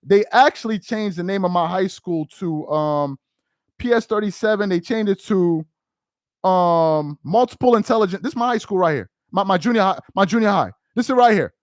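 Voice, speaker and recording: A man's voice: high-pitched, lively intonation, moderate pace, dry recording, clean studio sound. A man from New York City with a New York accent, giving emphatic live-stream commentary that repeats its points and uses street slang. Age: adult with a child.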